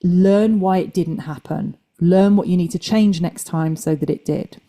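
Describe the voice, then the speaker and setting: A woman coaching athletes over a video call, her voice low-pitched and warm. She talks in a chatty, practical way and playfully mimics anxious self-talk. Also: measured pace. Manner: chatty, animated quoting of inner thoughts. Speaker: fitness coach. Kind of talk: live online coaching talk.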